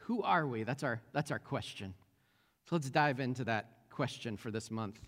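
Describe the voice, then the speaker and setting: A man's voice: medium pitch, expressive, normal speed, a bit bright, in a large hall. A man preaching a sermon as pastor, telling a story with many fillers and restarts.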